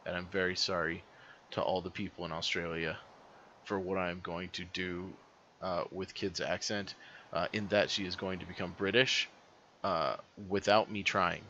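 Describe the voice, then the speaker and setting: A man's voice: low-pitched, fairly even intonation, moderate pace, sharp tone, lo-fi sound, a little hiss or hum. A man explaining a game in casual, rambling commentary, full of ums and uhs. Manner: rambling, filler-heavy explaining. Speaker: let's player. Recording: game music underneath.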